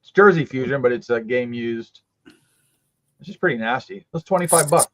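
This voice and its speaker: A man's voice: mid-range voice, animated, moderate pace. A man co-hosting a trading card stream, talking in a rambling way with lots of fillers and restarts. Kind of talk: casual chat.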